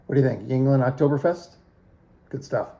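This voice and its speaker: A middle-aged man with a gravelly edge to his voice, talking through a fantasy football week in a relaxed, joking way. He pokes fun at himself and rattles off matchups, players and point projections, at an ordinary pitch for a man. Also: brisk. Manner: jokey, self-mocking, rattles off picks and projections. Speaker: fantasy football league host. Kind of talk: casual weekly league preview.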